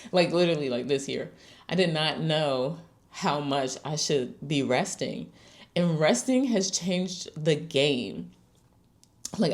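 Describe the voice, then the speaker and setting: A woman hosting a casual, candid monologue, full of fillers and the odd swear word. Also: low voice. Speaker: host.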